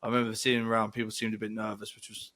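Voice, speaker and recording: Rambling animated young man. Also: fairly low pitch, rapid-fire. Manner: rambling, animated storyteller with laughs. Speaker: podcast co-host. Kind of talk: casual storytelling chat.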